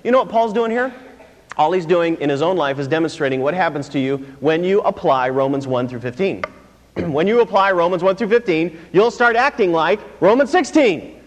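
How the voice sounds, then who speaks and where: A man's voice: high voice, expressive, moderate pace. A man preaching a sermon as pastor, drawing call-and-response answers from the congregation and repeating words for emphasis. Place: church sanctuary. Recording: long hall reverb.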